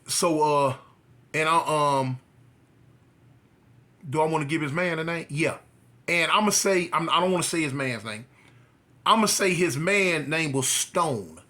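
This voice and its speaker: A man's voice: measured pace, pauses often. A man from California, a former prisoner, telling his story in a casual way and acting out the dialogue. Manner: animated, acts out dialogue with rising pitch.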